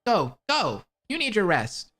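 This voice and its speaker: Man doing a raised, gentle little robot; caring, fussy, lonely. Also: high voice, huge pitch swings, unhurried, faint music behind, pitched above the performer's own voice, exaggerated voice. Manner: gentle, fussing. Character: small lonely floating robot, polite, caring.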